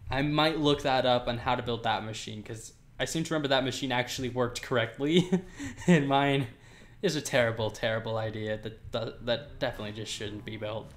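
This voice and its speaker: A man's voice: medium pitch, steady tone, brisk. A man casually commenting while playing a building game, rambling, laughing often and talking to the animals on screen. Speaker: Minecraft let's player.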